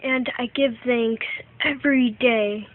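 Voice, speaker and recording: A woman's voice: on the high side, steady tone. A woman narrating a home-made toy story in the first person, in an earnest, heartfelt way. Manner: earnest, slow, heartfelt telling. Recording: tinny phone-like recording, faint hiss.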